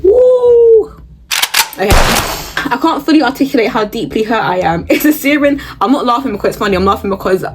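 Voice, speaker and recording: A woman's voice: fairly high pitch, expressive, quick pace, few pauses, heavy background noise. A young woman hosting her own show, reading posts aloud and reacting bluntly with laughs and gasps. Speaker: host reading reddit posts. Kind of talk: casual reaction commentary.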